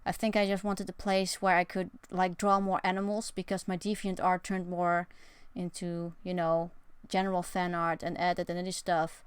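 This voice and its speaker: A woman's voice: on the low side, level tone, moderate pace, few pauses, clear, resonant tone, no echo. A young woman streaming from her bedroom, chatting casually with a rambling, sarcastic and self-mocking manner. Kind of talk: casual live-stream chat.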